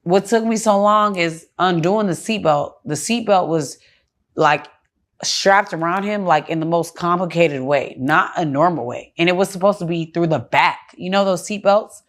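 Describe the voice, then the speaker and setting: A woman's voice: fairly low pitch, moderate pace. A woman guest in a casual interview on a studio couch, speaking bluntly, heatedly and with lots of cursing.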